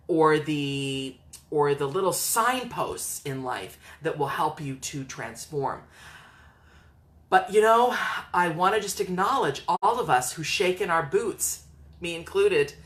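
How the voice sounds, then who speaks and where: A woman's voice: low-pitched, sharp tone. A woman psychotherapist and coach giving an earnest, encouraging talk, sometimes acting out the voices she quotes. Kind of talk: motivational talk to camera.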